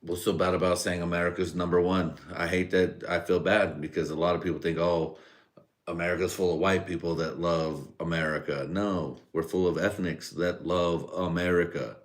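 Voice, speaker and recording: A man's voice: low voice, fairly even intonation, normal speed. A man from Central California hosting a live stream, rambling through a profane casual rant with crude jokes and frequent laughter.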